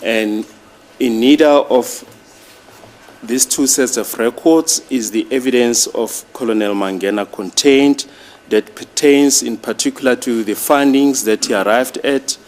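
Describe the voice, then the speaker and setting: A man addressing a judge in a courtroom, reading out exhibits in a formal, deliberate way. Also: medium pitch, darkish tone. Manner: slow, deliberate, reads exhibit lists. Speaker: prosecutor.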